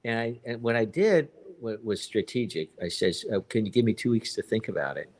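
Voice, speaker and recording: A man in his fifties with a notably deep, low voice, talking casually on a live stream. He tells his personal story in a rambling way, doubling back over points and repeating himself. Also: lively intonation, a little fast, darkish tone. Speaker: guest telling his story.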